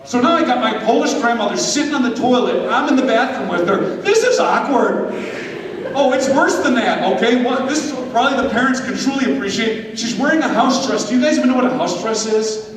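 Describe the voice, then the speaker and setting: A man telling a story at a confirmation retreat, animated and speaking straight to his listeners. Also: extremely high pitch, quick pace. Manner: animated, addresses listeners directly. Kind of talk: storytelling talk. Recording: echoey hall from far off with faint noise.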